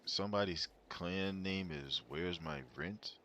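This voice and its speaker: A man's voice: sits low, fairly even intonation, a little slow, muffled recording. A man streaming a game live, chatting casually to his viewers in a rambling, stuttering way. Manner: rambling, stuttering, talks to chat. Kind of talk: casual commentary while gaming. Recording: loud game noise behind voice. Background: game sounds.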